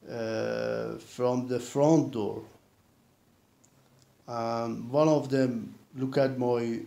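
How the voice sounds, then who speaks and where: A man works through his account at an unhurried pace, often restarting and leaning on repeated fillers. His voice is mellow and relaxed, and it echoes around the room. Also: medium pitch. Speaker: vlogger recounting a personal experience. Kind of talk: casual spoken account. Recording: roomy echo.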